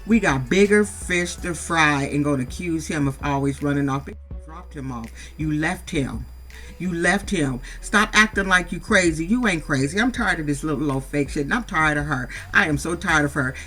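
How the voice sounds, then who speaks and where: A woman's voice: low-pitched, brisk, fairly bright tone. A middle-aged woman from San Diego giving a blunt, profane recap of a reality show, scolding the cast directly. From San Diego, USA. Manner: blunt, scolding, swears freely. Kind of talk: casual profane recap commentary.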